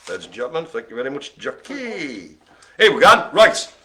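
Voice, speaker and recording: A man's voice: fairly high pitch, very animated, normal speed, pushed and bright. A man calling bingo with jokes, banter and playful asides to the players. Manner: jokey, chatty, playful asides. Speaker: bingo caller.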